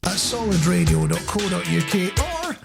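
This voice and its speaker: A man's voice: sits high, normal speed, vocal fry, music in the background. A man co-hosting a casual radio chat show, jokey and chatty, often laughing as he reads out listener messages.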